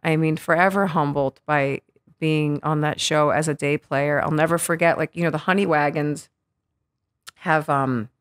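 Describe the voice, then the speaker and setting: Animated, cursing New woman telling stories. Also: low voice, moderate pace. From Queens, New York. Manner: animated, profane, acts out quotes. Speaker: podcast guest. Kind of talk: casual storytelling interview.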